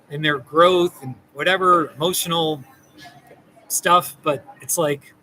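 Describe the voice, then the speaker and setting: A man who works as a therapist, talking casually and gently to the camera, rambling and reassuring. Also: fairly high pitch, steady tone, slow, slight background noise, rough recording. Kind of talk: casual direct-to-camera talk.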